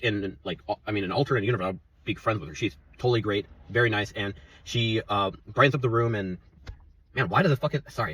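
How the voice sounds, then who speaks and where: A man's voice: fairly low pitch, bright, forceful tone, breathy edge, recorded from a distance, rough recording. A young man venting in a profane, rambling, heated rant about quitting his job, out of breath from talking. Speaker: former coffee shop worker venting. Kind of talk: angry rant to camera.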